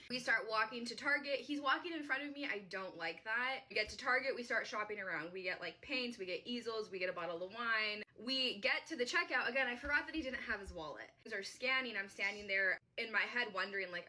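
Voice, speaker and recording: A woman in her thirties, a streamer telling a story in a casual, animated way and acting out the quoted lines. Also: a little high, fast talker, hardly any pauses, rough recording. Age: 30s.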